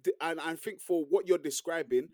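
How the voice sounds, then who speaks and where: A man's voice: on the high side, a little mellow, dry recording, studio quality. A man co-hosting a casual debate, explaining his view with many restarts and "bro". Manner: halting, many restarts, says "bro" and "trust me".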